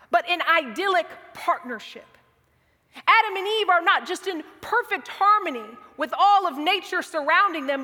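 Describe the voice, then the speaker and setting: A woman delivers a sermon in a very high, bright voice. She speaks slowly and dramatically, often dropping to a near whisper. Her voice rings with the long reverb of a large hall. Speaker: preacher.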